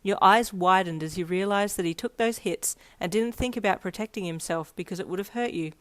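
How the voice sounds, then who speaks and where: A woman narrating a fanfiction story aloud in a steady storytelling read. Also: medium pitch, brisk. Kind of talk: scripted narration.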